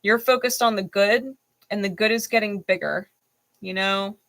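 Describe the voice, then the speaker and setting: A woman's voice: medium pitch, moderate pace, fairly bright tone. A woman hosting a live tarot reading who swears bluntly, laughs often and repeats phrases for emphasis. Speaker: tarot reader and channel host.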